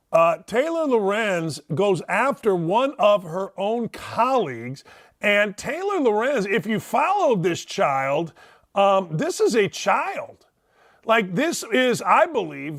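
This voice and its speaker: A middle-aged man hosts a sports talk show, delivering an opinionated, talk-radio-style rant. His voice is high-pitched with a fairly bright tone, and he rambles bluntly and sarcastically.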